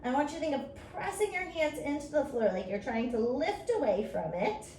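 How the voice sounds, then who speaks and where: A high-voiced woman leads a children's yoga story time, playful and coaxing, with silly animal and train noises between her gentle cues. She sounds a little far from the mic in a roomy space with a faint hiss behind her. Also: lively intonation, normal speed. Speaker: kids yoga teacher.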